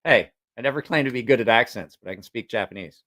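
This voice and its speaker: A man's voice: medium pitch, expressive, fast, bright, forceful tone. Rambling, swearing streamer guy. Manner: rambling, swears freely, many restarts and laughs. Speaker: live streamer. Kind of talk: casual storytelling to stream viewers. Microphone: sensitive mic with headphones.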